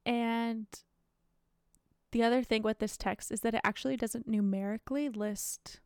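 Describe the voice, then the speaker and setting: Here a young female podcast co-host with the hiccups chats loosely, her talk full of fillers. Slightly high and fairly even in intonation, her smooth voice keeps a moderate pace, and the clean studio recording has no room sound.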